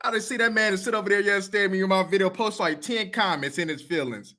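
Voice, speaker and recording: A man's voice: high voice, fast talker, pushed and bright. A man talking straight to camera, blunt, profane and heated, repeating himself to press his point. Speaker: video commenter. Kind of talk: casual talk to camera.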